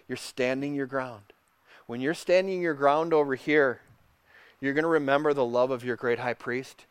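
Pastor preaching with a dry close sound. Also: male voice, mid-range voice, moderate pace, clear, resonant tone, no echo. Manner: reads quotes aloud, drops to a soft hush for tender passages. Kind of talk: sermon.

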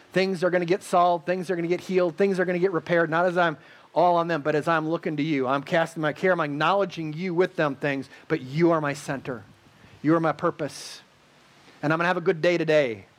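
Earnest preaching man, fairly high voice. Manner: earnest, repetitive preaching cadence with pauses. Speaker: pastor. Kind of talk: sermon with closing prayer.

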